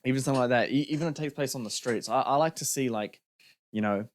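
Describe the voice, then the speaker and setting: A man's voice: mid-range voice, quick pace. A young man co-hosting a podcast, giving his opinions on films in a casual chat and laughing easily. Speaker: podcast co-host.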